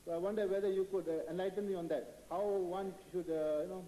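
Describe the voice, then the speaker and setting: A man in the audience hesitantly asks the lecturer a question, halting often and restarting. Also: high-pitched, steady tone, dark tone. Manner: halting, many fillers and restarts. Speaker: audience member asking a question. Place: large auditorium. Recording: echoey hall.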